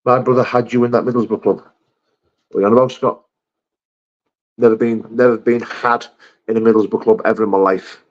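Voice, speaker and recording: A man's voice: medium pitch, steady tone, a little fast, long pauses, dull audio. A middle-aged man, chatting on a livestream and answering viewer comments bluntly, calling everyone mate and brother. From England. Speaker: livestream host reading chat. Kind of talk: casual live chat.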